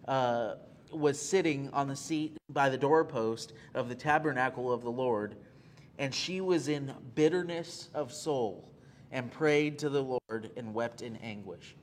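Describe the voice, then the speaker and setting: A man's voice: mid-range voice, a little hiss or hum. A male pastor preaching a sermon, earnest and repeating key phrases for emphasis, with frequent "uh" fillers.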